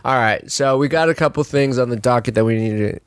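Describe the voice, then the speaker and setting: A man's voice: medium pitch, brisk, smooth, no echo. A young man co-hosting a casual podcast, slightly nasal and hesitant. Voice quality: a little nasal. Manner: hesitant, stumbling restarts. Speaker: podcast co-host. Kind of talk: casual chat.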